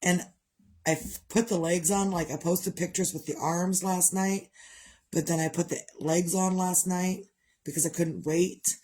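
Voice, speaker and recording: A woman's voice: lowish voice, steady tone, unhurried, darkish tone. A middle-aged woman chatting candidly to her viewers, rambling and open about her grief. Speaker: vlogger. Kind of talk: casual chat.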